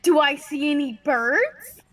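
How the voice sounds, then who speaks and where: A woman's voice: high-pitched, animated, slow, fairly bright tone. A woman playing a tabletop game, describing her character's actions playfully. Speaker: player. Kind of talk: tabletop role-play.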